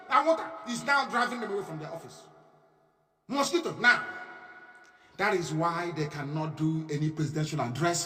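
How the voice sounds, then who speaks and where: A man's voice: high voice, sharp tone. A man with a Nigerian accent giving a live radio broadcast, emphatic and mocking, repeating his phrases for force. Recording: echoey distant room with faint music.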